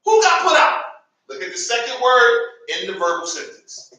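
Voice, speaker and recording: Brief: lively American male teacher, high bright voice, calls on students, leads repetition; echoey room, distant mic. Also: normal speed, lo-fi sound. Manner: animated, calls on students, has the class repeat words. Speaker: Arabic teacher. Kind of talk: classroom grammar lesson. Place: classroom. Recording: echoey classroom, from far off.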